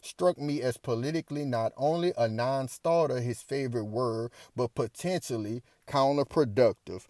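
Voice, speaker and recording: A man's voice: medium pitch, no echo, clean studio sound. A man hosting a political commentary monologue. He asks rhetorical questions again and again and builds to emphatic indignation. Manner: preachy, rhetorical, keeps asking "you understand me"; reads quotes aloud, then rises to emphatic indignation. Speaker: commentary host.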